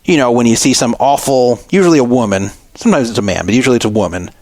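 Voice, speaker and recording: This middle-aged man's medium-pitched, darkish voice moves quickly as he hosts a radio show, replaying the arguments from an annoying store visit in an aggrieved monologue. There's no room sound.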